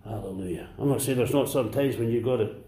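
A man preaching a sermon to a congregation, swinging between impassioned near-shouts and hushed whispers. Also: medium pitch, fast talker, reverberant. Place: church.

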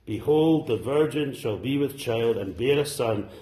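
A man preaching a sermon to a congregation, fervent and exclaiming, dropping at times to soft, low asides. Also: measured pace, echoey room. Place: church service.

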